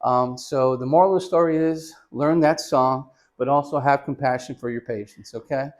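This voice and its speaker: A radiography instructor with a mid-range, steady voice teaches chest X-ray positioning at a moderate pace. He chats casually with students, calling them "you guys," and gives patients loud instructions, mixing hands-on demonstration with storytelling.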